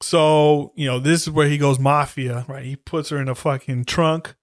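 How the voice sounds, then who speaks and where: On a podcast, a man chats through the plot of a horror movie, performing the characters' dialogue and cursing a lot in his animated retelling. He's a co-host whose voice runs on the high side at normal speed, recorded dry and clean in a studio.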